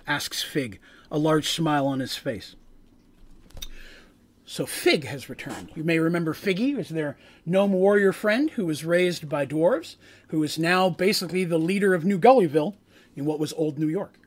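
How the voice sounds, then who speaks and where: Brief: high-pitched male game master, chatty and meandering. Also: expressive, normal speed. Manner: rambling, many fillers and asides. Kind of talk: recapping a tabletop game.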